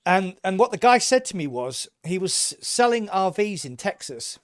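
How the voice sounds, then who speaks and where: A man's voice: high voice, big pitch swings, normal speed, dry recording, clean studio sound. A man co-hosting a casual podcast, talking with eager enthusiasm and rambling through restarts. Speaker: podcast co-host.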